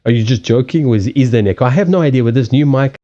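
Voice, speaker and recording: A man with a Southern African accent, a native Portuguese speaker, hosting a casual livestream chat, animated and freely swearing. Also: medium pitch, muffled recording. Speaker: card reader and livestream host. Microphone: USB headset mic.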